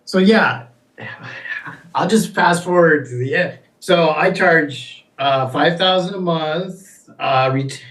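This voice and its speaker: A man's voice: on the high side, slow pace, fairly bright tone, recorded from a distance. A salesperson answering his coach in a group call, hesitant with ums and uhs. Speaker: salesperson trainee. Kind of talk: casual reply in a group call. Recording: echoey and off-mic.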